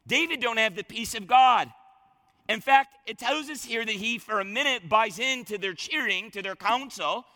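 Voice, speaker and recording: Fervent high-voiced man preaching. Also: moderate pace, pushed and bright, long reverb tail. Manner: fervent, repeats lines for emphasis, colloquial. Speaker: pastor. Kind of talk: sermon.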